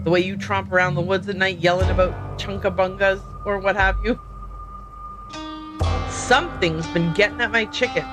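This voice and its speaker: A woman voicing a stubborn, gruff old male hunter who grumbles and curses while reading a game aloud. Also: mid-range voice, steady tone, moderate pace, over music, natural voice. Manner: grumbling, blunt, cursing.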